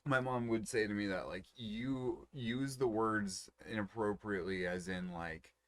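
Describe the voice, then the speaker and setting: A man's voice: lowish voice, unhurried. A man rambling in a laid-back, profane way during a casual podcast chat while smoking. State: smoking cannabis. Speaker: podcast co-host.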